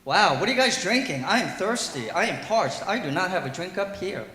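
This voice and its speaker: A man doing a stand-up comedy set in a brewery, animated and slipping into loud yelling voices for his bits. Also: high-pitched, fairly quick. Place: brewery comedy stage, roomy hall. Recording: echoey hall recording.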